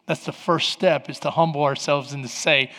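Pastor guy in his 40s, fairly high voice, preaching hard, long echo tail. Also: fairly even intonation, moderate pace, sharp tone. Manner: preaching with rising fervor and call-outs to the congregation. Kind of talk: sermon.

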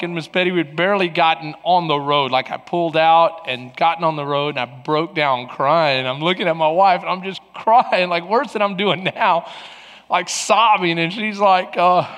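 A man's voice: a little high, normal speed, fairly bright tone. A middle-aged male pastor preaching a sermon, telling a personal story with emotional restarts and laughter. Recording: long hall reverb.

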